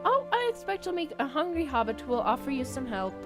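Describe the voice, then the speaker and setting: A woman's voice: sits high, sing-song, fast, over music. A woman reading the lines of a wise, kindly old male wizard from a game, in her own voice without an accent. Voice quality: read plainly without an accent. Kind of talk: reading game dialogue aloud.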